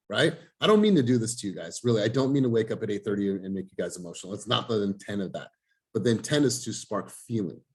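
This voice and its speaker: Male coaching host on a video call, intense and emphatic, mid-pitched. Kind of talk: motivational group coaching call.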